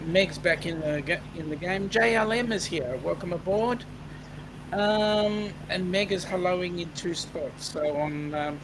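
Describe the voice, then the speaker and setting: Aussie bloke reading out the live chat, highish voice, buzzy noisy mic. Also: male voice. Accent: Australian. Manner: relaxed, chatty, filler-heavy greetings. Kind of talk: casual online chat. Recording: buzzing mic with background noise.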